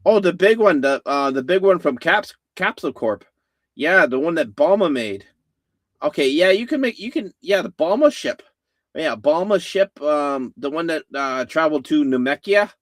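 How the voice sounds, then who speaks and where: A man's voice: on the high side, animated, normal speed, no echo, studio quality. A man hosting a casual live-stream chat, rambling with many fillers and restarts. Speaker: host.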